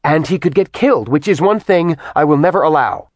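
Man voicing a haughty goddess mother, cold, sharp, dismissive, raised pitch, audiobook. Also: wildly swooping pitch, brisk, dry recording. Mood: scornful. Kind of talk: audiobook character voice.

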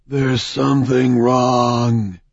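A man voicing a sick, gaunt male god who gives weak, raspy, breathy warnings. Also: medium pitch, level tone, drawn-out words, no room sound, lo-fi sound, full character voice. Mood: urgent.

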